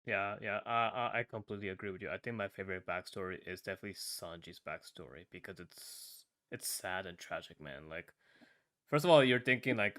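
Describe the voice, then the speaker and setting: A man with a fairly low voice chats casually on a podcast. He retells a story with animated asides, jumps into other voices for the lines, and keeps tossing in "man" and "right?". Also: brisk. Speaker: podcast panelist. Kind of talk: casual podcast review chat.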